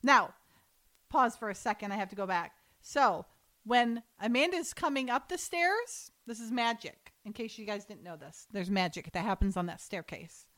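A woman's voice: mid-range voice, very animated, normal speed, a bit bright. A woman co-hosting a casual chat, retelling scenes and quoting the characters as she goes. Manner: chatty, retells scenes with quoted voices and laughs. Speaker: podcast co-host recapping a TV episode.

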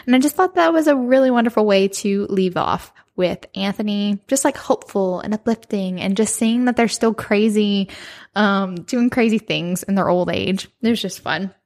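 A woman co-hosting a book podcast, chatting casually and retelling scenes with quick asides. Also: mid-range voice, a little mellow. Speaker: podcast co-host.

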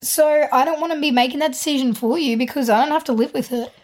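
A woman, co-hosting a casual podcast chat, jokey and quick to swear. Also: high-pitched, darkish tone. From Australia. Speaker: podcast co-host.

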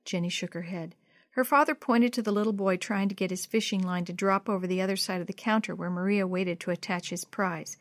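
A woman narrating a children's storybook in a gentle, steady read-aloud manner. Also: mid-range voice, a little fast, dry recording, clean studio sound.

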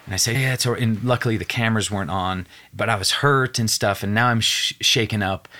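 A young adult man, a podcast guest, retelling a personal story with earnest, animated emotion and acted-out quotes. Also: on the low side, fast.

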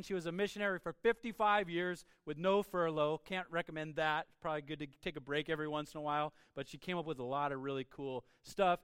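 A man pastor giving a conversational sermon, energetic and informal, often repeating words and asking "right?". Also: high-pitched, smooth, no echo, clean studio sound. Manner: swings into quiet acted voices for quotes.

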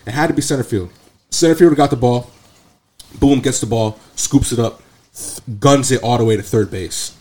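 A young man casually telling an animated, slangy story full of profanity. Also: mid-range voice, normal speed. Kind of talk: casual chat.

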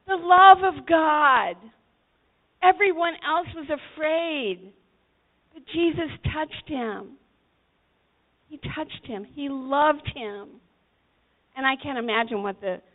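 A woman preaching a sermon to teenagers, telling the story dramatically and acting out the voices. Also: fairly high pitch. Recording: tinny phone-like recording.

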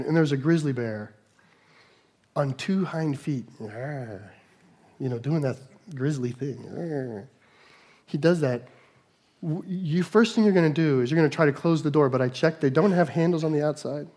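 A male pastor preaching a sermon, animated, moving between quiet asides and raised, emphatic lines. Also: medium pitch, normal speed.

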